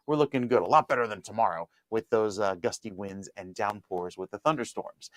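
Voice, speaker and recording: A man gives a TV weather forecast in a relaxed, conversational tone. His voice is mid-pitched and recorded close and dry, with no room sound. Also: no room sound. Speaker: TV meteorologist. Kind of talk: weather forecast and studio banter.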